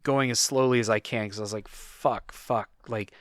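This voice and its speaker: Podcast host, man, smooth clear voice, dry close sound, laid-back talker. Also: fairly low pitch, fast, dry recording. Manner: relaxed storytelling, many "like"s. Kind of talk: casual chat.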